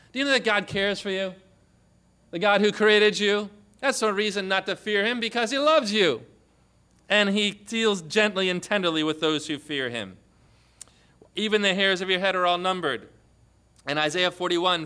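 A man preaching a sermon earnestly, quoting scripture and voicing the Lord's words in a lower, softer tone. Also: moderate pace, smooth.

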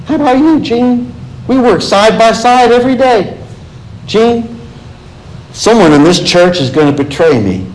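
A man's voice: high voice, lively intonation, a little slow, pauses often, poor audio. A male pastor preaching a sermon in church, firing rhetorical questions at his congregation and reading scripture aloud.

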